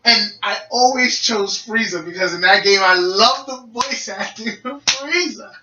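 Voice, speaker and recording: A young man co-hosting a casual gaming podcast, telling stories with lots of acted-out voices and shouts. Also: high-pitched, a little slow. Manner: animated storyteller, acts out voices and shouts. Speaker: podcast co-host. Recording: echoey room, mic at a distance.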